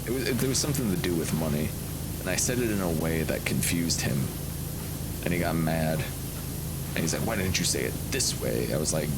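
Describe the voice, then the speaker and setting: A man's voice: low-pitched, very noisy. A man streaming a game, telling rambling, chuckling stories in casual chat and swearing freely. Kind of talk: casual chat while gaming.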